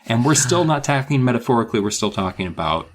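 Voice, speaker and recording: A man's voice: mid-range voice, very animated, fast talker, crowd noise. A man co-hosting a comedy podcast, joking and laughing casually while recapping a children's book. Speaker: podcast co-host.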